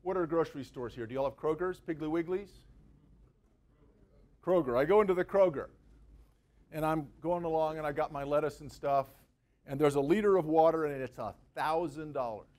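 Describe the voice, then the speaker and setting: Fairly quick and a little mellow, this slightly high-voiced man keeps his university guest lecture casual and full of jokes. He leans on ordinary examples for the live audience in the room.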